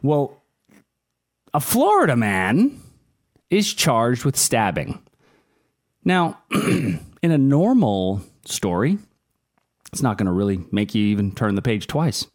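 A man's voice: medium pitch, huge pitch swings, takes it slowly, long pauses, dry recording, clean studio sound. A man co-hosting a casual news show, joking about odd stories and then explaining oil market moves at length. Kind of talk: casual chat and market commentary.

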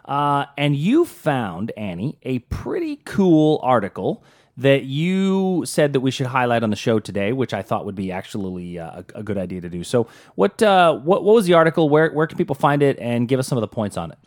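A man's voice: medium pitch, big pitch swings, normal speed, darkish tone. Chatty Pittsburgh man hosting a talk. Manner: chatty, jokey, frequent restarts. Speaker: show host. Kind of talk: casual market talk show.

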